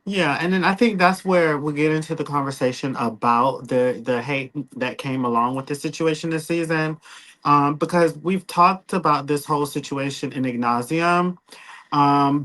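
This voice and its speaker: Guy hosting an interview, bright sharp voice, lots of ums, digging with questions. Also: on the high side, rough recording. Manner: probing, hesitant with many ums. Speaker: podcast co-host.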